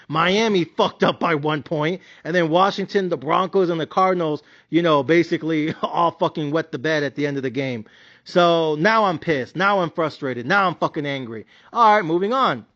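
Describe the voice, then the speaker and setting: A man's voice: high-pitched, a bit bright, highs cut off. A man giving a blunt, profane, slangy rant reviewing his sports bets. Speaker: sports betting commentator.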